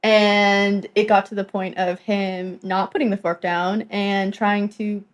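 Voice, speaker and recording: A woman's voice: mid-range voice, little pitch movement, slow. A young woman in her twenties, a podcast co-host, telling a first-date story in casual chat. She laughs often and acts out the quotes.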